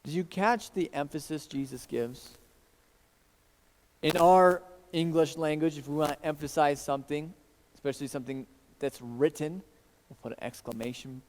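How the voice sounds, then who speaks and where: A man's voice: on the high side, moderate pace, a little mellow. A man, a pastor, preaching an earnest sermon to his congregation in a church. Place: church sanctuary. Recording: long church reverb.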